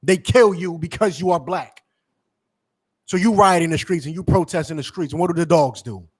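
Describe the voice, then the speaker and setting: Speaking at a moderate pace in a husky voice on the high side, a preacher and teacher delivers a heated, mocking sermon in street-preacher fashion. He swears freely and urges others to read from scripture.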